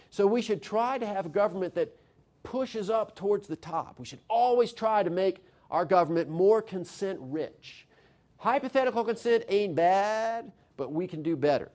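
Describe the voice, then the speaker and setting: A man with a fairly high-pitched voice delivers a live lecture on constitutional theory. He talks in a lively, conversational way and often puts questions to his audience.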